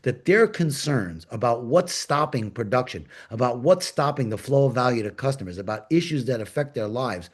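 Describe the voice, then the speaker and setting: Animated man from New York telling stories. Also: mid-range voice, normal speed, hardly any pauses. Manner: animated storyteller, acts out quoted dialogue. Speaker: agile coach and panel host. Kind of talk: conversational panel talk.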